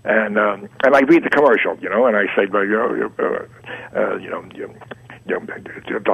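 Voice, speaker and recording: A man's voice: fairly low pitch, normal speed, vocal fry, husky. An older man being interviewed, telling long anecdotes full of restarts and acted-out quotes, heard on a dull, lo-fi radio recording. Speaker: guest, advertising art director. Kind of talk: storytelling interview answers.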